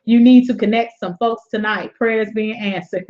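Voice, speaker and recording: A woman hosting a webinar, giving a lively motivational faith talk, laughing often and repeating her points like a preacher. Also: mid-range voice, a little slow. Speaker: webinar host. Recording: dull lo-fi webinar audio.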